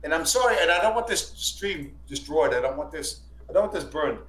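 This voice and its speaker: A man with a somewhat high voice tells rambling, profane stories and keeps circling back to repeat himself. He sounds like he is in an echoey room, with a faint hum behind him. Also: expressive, brisk, a bit bright. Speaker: stream guest. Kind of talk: casual storytelling.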